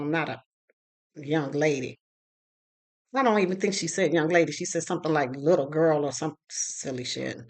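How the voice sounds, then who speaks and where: A middle-aged woman telling a personal story in a casual, chatty way, acting out the other people's lines as she goes. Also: fairly low pitch. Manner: chatty, with frequent fillers and asides. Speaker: storyteller sharing a personal experience.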